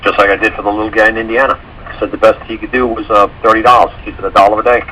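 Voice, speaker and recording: Low-voiced man telling stories, rambling. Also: little pitch movement, racing, sharp tone, slight background noise, poor audio. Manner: rambling storytelling, acts out quotes, swears. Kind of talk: casual call-in radio talk.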